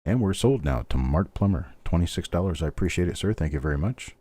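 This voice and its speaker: A man's voice: low-pitched, lively intonation, quick pace, dark tone, no room sound. A middle-aged man hosting a live online coin auction, calling bids steadily and chatting between lots. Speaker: auctioneer host.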